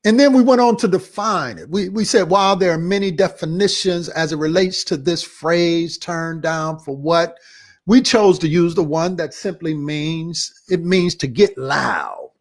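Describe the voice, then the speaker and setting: A man hosting a church talk show, casually recapping a sermon in a relaxed, repetitive, slangy way. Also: a little high, measured pace. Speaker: pastor and show host.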